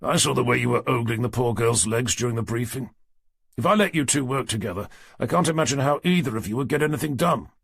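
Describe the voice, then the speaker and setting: A man's voice: mid-range voice, animated, quick pace, gravelly, a bit bright, husky, heavily acted. A man reading a sardonic detective inspector. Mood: dry, sardonic. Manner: dry, commanding, sardonic. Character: gruff weary middle-aged male detective inspector. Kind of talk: audiobook character reading.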